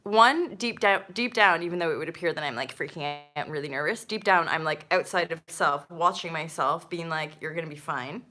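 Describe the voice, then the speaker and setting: Bright-voiced woman telling a story. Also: low voice, a little fast, few pauses. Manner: animated, swears freely; chatty, with many fillers and asides. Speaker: channel host. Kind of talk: casual storytelling monologue.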